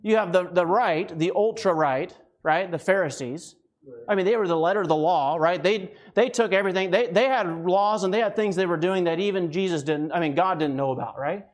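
A brisk, high-voiced man from the United States preaches as a guest, keeping the sermon conversational. He's somewhat breathless, often engages the congregation, and keeps asking "right?".

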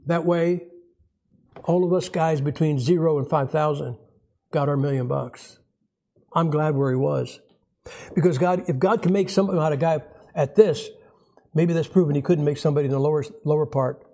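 High-voiced folksy male preacher. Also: normal speed, dark tone. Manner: folksy, conversational, acts out quotes with rising pitch. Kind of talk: sermon.

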